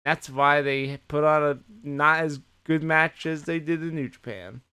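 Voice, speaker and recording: Clear-voiced man in animated recap. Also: a little high, measured pace. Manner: animated retelling, heavy swearing. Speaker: podcast co-host. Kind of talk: casual chat recapping wrestling.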